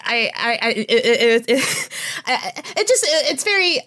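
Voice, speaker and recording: A woman co-hosting a podcast in casual chat, excited and rambling, laughing often and restarting her sentences. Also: on the high side, measured pace. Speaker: podcast co-host.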